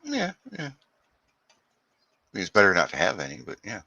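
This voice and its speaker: A man's voice: fairly low pitch, huge pitch swings, a little slow, sharp tone, husky, no echo, dull audio. A man joining a livestream chat over a video call, wry and casually profane. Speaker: livestream guest.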